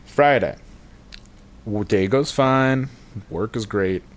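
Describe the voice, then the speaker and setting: A man's voice: lowish voice, takes it slowly. A man telling a rambling, self-deprecating comic story on a podcast, swearing and laughing at himself.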